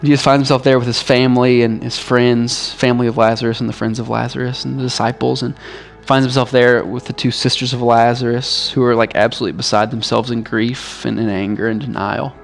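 A male pastor delivering a sermon in a relaxed, conversational way, often dropping in "like" as he speaks. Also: medium pitch, brisk, creaky, few pauses, soft background music. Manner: casual, conversational preaching with frequent "like".

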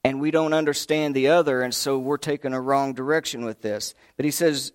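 A man preaching a sermon in an animated, conversational way, often rising in emphasis. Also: mid-range voice, fairly quick, few pauses, clear, resonant tone, no room sound, clean studio sound.

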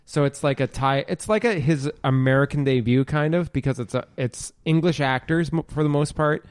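A man's voice: a little high, normal speed, clear, resonant tone, no room sound, studio quality. A man in his forties hosting a podcast, chatting casually about movies, rambling and full of fillers, with the odd swear. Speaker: podcast host.

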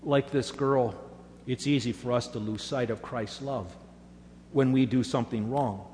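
A man's voice: mid-range voice, fairly even intonation, unhurried, a little mellow, big-room sound, a little hiss or hum. A man preaching a sermon, telling stories earnestly and making emphatic assurances to his congregation. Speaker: pastor.

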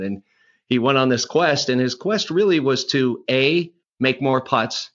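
In an unhurried, animated manner, a middle-aged golf instructor rambles through anecdotes in a podcast conversation, restarting often and acting out quotes. His voice is medium-pitched, and the sound is lo-fi.

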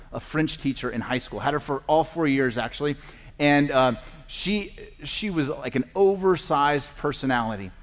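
A man gives an earnest faith teaching, pressing his main points and slowing right down on each of them. His voice sits a little higher than most men's, and a long reverb trails behind every phrase. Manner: earnest, emphatic, slows down on key phrases.

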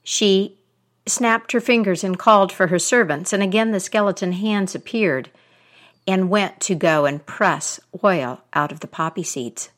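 A woman telling a folktale aloud in a deliberate, expressive way. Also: medium pitch. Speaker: storyteller.

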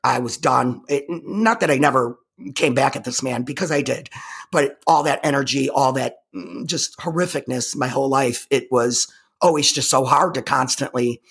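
Gravelly, husky woman telling her story. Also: very deep voice. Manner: halting, with frequent repeated restarts; emphatic, intense retelling. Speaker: interview guest. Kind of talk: personal storytelling in conversation.

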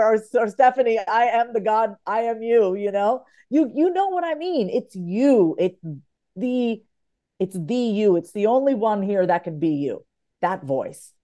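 A woman speaks with a warm, mellow tone, pressing her points with energy. She often repeats a phrase to drive it home, as a guest author in a relaxed podcast chat. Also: mid-range voice. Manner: animated, emphatic, repeats phrases for emphasis. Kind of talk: podcast conversation.

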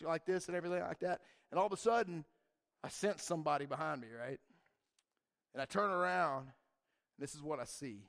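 With a voice that's a little high, a young church youth leader spins an animated, rambling tale for a group, frequently dropping "man" and "dude."

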